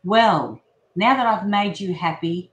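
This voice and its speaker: A woman reading the lines of Jesus, a calm man gently teaching his disciples, in a measured, merciful way. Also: medium pitch, slight background noise, pitched below the performer's own voice, lightly acted. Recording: roomy echo.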